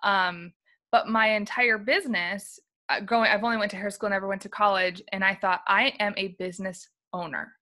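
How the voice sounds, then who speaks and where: A woman's voice: mid-range voice, steady tone, fairly quick, bright, forceful tone. A woman from Flint, Michigan, in her thirties, telling her personal story as a guest in a conference interview, candid and emotional with many fillers. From Flint, Michigan, USA. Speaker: interview guest, company field liaison.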